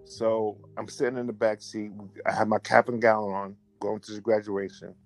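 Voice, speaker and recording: A man's voice: on the low side, normal speed, gravelly, soft background music. A man telling a personal story in a casual way. He talks animatedly and often repeats himself and starts his sentences over. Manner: animated, repetitive, restarts and self-corrections. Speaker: storyteller recounting a memory.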